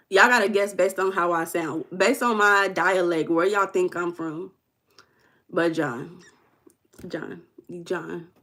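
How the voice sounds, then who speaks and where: Hosting a casual livestream from her home, this Midwestern American woman reads out chat messages, calling out names with a playful, teasing chattiness. Her voice has a medium pitch and a fairly bright tone.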